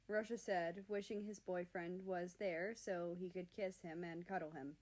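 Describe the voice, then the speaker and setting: A woman reading a fan fiction story aloud in an earnest, expressive narration. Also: on the low side, unhurried, hardly any pauses.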